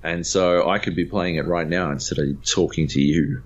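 A man co-hosting a gaming podcast chats casually, telling an animated story laced with swearing and acted-out voices. His voice is deep and his pace moderate, and the recording is dull lo-fi podcast audio.

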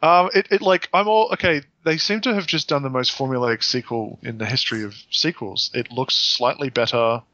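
A man rants animatedly about games, swearing freely as his thoughts ramble on. His voice is bright and forceful. It comes through a dull, dry mic with little room sound. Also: medium pitch, fairly quick, few pauses, dry recording. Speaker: podcast co-host. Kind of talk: casual chat.

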